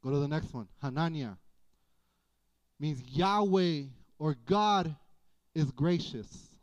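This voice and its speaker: Slow, folksy preacher. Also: male voice, fairly high pitch. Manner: folksy, animated preaching with playful asides. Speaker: pastor. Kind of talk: sermon. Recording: dull lo-fi church audio.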